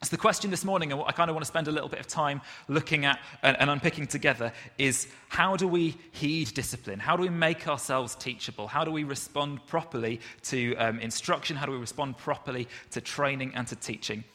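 A man, preaching a sermon in a relaxed, conversational way with self-deprecating asides. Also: mid-range voice, a little fast, few pauses. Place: church hall. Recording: reverberant church hall.

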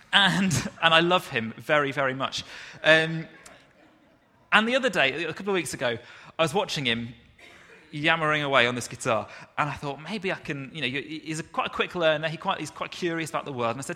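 Man, 30s, preacher, sermon, conversational, slightly high pitch, bright forceful tone, long hall reverb. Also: fairly quick. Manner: conversational, self-deprecating storytelling. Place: church hall.

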